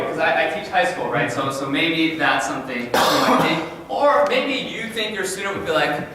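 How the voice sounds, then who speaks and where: A man with a high, bright voice gives a lively talk to a room full of teachers. He sounds energetic and often repeats himself when he starts a sentence. The sound comes from well back in a large, reverberant hall, with a faint hiss underneath. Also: normal speed, hardly any pauses. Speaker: high school science teacher presenting. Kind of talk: conference presentation. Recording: echoey hall from far off, faint noise.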